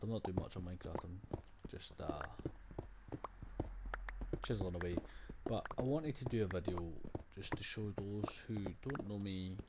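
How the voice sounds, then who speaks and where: A young Scottish man chatting casually while playing a game, rambling, jokey and full of swearing. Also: lowish voice. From Scotland. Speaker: gaming vlogger. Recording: loud background noise.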